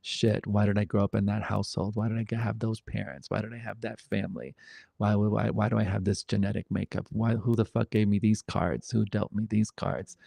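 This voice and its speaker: A man leading a satsang, speaking in a reflective, gentle way with wandering pauses. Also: fairly low pitch, flat delivery, gravelly, no room sound. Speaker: satsang teacher. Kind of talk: spiritual dialogue.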